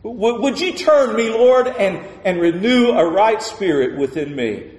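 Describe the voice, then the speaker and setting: A man preaching a sermon in a church, pleading and passionate, then dropping to a hushed, intimate tone. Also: sits high, animated, a little slow. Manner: impassioned, swings from loud pleading to hushed near-murmur. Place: church sanctuary. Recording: echoey hall with long reverb.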